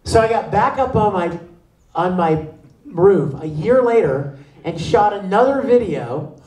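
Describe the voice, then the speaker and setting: High, animated man telling stories. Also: a little slow. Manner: lively, laughing, acts out voices. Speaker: convention panel guest. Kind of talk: animated storytelling. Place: convention panel room. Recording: echoey room from far off.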